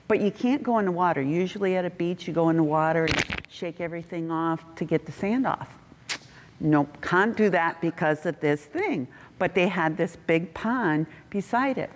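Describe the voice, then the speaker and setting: A middle-aged woman telling animated stories about a mission trip, breaking into acted voices, in a church hall. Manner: animated, laughing, acts out quotes with big pitch jumps. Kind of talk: casual storytelling. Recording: reverberant hall.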